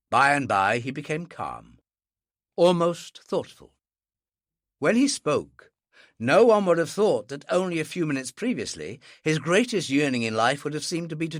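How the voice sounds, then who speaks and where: Thriller audiobook narrator; wide-ranging, expressive delivery, close and dry. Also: mid-range voice, unhurried, no room sound. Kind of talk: first-person thriller narration.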